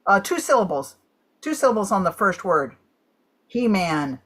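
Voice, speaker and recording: A woman playing a guessing game, calling out guesses in halting bursts with many fillers. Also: mid-range voice, sing-song, fairly bright tone. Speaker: game player.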